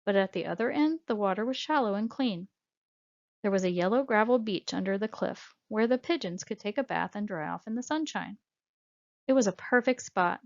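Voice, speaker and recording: A woman narrating a storybook in a measured, expressive way, her voice sitting at a middling pitch. The recording has a dull, lo-fi sound. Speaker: audiobook narrator.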